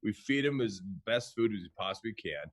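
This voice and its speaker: A man, a chef and restaurateur, being interviewed and telling stories in a relaxed, candid way. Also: fairly low pitch, a little fast. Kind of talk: conversational interview.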